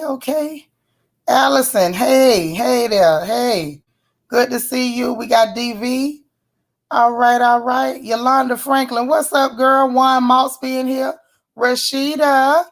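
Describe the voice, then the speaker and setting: A woman hosting a casual live stream, chatting in folksy slang and greeting viewers one by one by name. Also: high-pitched. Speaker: livestream host.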